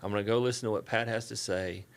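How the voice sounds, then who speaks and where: Low-voiced Southern man telling stories. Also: quick pace, creaky. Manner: relaxed, folksy anecdotes with quoted dialogue. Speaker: church staff guest. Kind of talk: casual storytelling interview.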